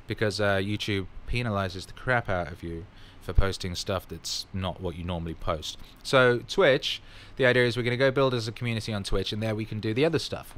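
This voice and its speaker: A man's voice: fairly low pitch, bright, forceful tone, slight background noise. A man casually answering fan questions in his vlog, rambling and upbeat with plenty of fillers.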